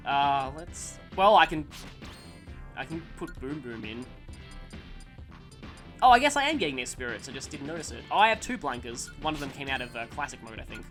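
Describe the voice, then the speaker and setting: A man chats over his gameplay in a loose, rambling way, poking fun at himself and breaking off mid-story to react to the game. His pitch moves around a lot. Clear game music plays under his voice. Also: a bit bright. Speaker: gaming channel host. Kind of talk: let's play commentary with storytelling.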